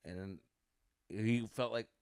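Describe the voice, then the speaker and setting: A man's voice: lowish voice, steady tone, takes it slowly, gravelly, a little mellow, clean tone, dry recording. A young man co-hosting a podcast, telling a story in casual chat, swearing freely and dropping Spanish slang. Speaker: podcast co-host.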